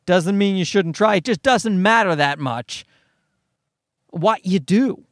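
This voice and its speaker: A man's voice: high voice, animated, takes it slowly, dry recording. Man, thirties, from Newfoundland, comedian, casual storytelling, blunt and profane, sidetracked, dry close sound. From Newfoundland, Canada. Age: 30s. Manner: rambling, easily sidetracked. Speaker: stand-up comedian.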